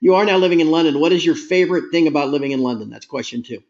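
A man's voice: a little high, very fast, lo-fi sound. A man hosting a podcast interview, asking friendly questions and cracking jokes. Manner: friendly, joking, relaxed questions. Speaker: podcast host.

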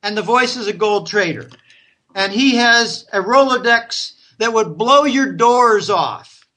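An American man rambles through stories in casual podcast talk. His voice is bright and forward, and he slips into other people's voices when he quotes them. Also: high voice, measured pace. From United States. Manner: rambling storyteller, acts out friends' voices in quotes.

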